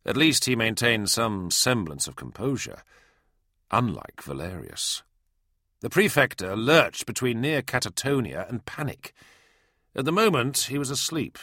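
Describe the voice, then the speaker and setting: Gravelly, animated male audiobook narrator. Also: on the low side, measured pace, dry recording, clean studio sound. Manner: dramatic, expressive storytelling. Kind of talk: scripted narration.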